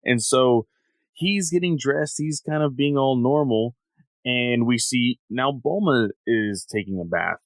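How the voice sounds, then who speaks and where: A man co-hosting a podcast in casual chat, retelling a story in a relaxed way with many fillers and quoted lines. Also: mid-range voice, a little slow, no echo. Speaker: podcast co-host.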